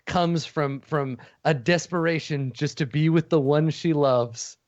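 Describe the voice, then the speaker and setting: A man's voice: on the high side, unhurried, no room sound, muffled recording. A man narrating as game master of a tabletop game, casual and profane, with frequent restarts.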